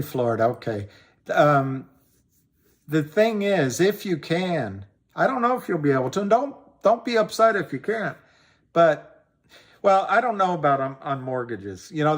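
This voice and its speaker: A man's voice: a little high, lively intonation, measured pace. A man hosting a casual livestream, rambling about money and greeting viewers by name, often trailing off and restarting. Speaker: livestream host.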